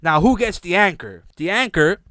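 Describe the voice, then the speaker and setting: Brief: sarcastic male podcast host, smooth voice, dry close recording. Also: high voice, expressive, normal speed, bright, forceful tone, no room sound. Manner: brash, sarcastic, swears. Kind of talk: casual TV recap monologue.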